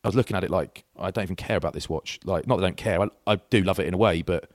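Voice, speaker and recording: Speaking very fast in a low voice, a middle-aged man co-hosting a podcast tells meandering stories in casual conversation, cutting himself off and starting over. The recording is dry and studio quality.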